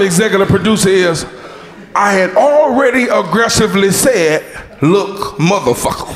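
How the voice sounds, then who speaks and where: A man doing a stand-up comedy set on a club stage, loud and animated, shouting punchlines, making sound effects and calling out audience members and crew. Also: high voice. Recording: roomy club echo with crowd noise. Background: audience laughter.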